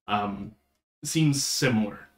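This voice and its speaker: A man's voice: fairly low pitch, takes it slowly. Casual man game master, roomy sound. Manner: relaxed, casual, filler-heavy description. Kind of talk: describing scenes in a tabletop game. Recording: roomy echo.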